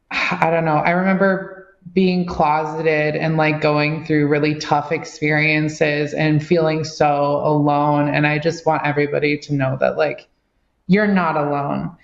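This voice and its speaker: A woman guest with a flat, even voice talks earnestly through plenty of fillers. Her voice comes over a dull, lo-fi line from a roomy space, with echo around it. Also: low-pitched. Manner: earnest, chatty, lots of fillers. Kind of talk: casual interview chat. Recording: dull, echoey remote line.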